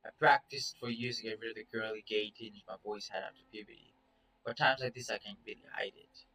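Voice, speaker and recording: A man's voice: medium pitch, moderate pace, pushed and bright, recorded from a distance, rough recording. A man reading a first-person story aloud in a casual, profane, confessional way. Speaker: story reader.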